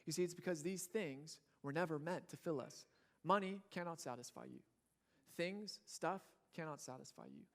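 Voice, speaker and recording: A young man with a high voice preaching to his church congregation. He keeps it casual and funny, slipping into quick acted-out voices of struggling people and fussing babies before landing his point. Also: fairly bright tone. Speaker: pastor. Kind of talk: sermon.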